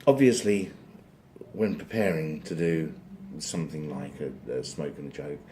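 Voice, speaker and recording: A man's voice: rumbling low, measured pace, dark tone. A man telling a long joke in a rambling style full of digressions and dry asides. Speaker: joke teller. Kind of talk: rambling comic storytelling.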